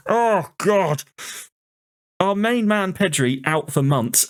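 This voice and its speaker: A man commentating on his football management game, ranting in exasperation about it. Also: medium pitch. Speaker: gaming YouTuber.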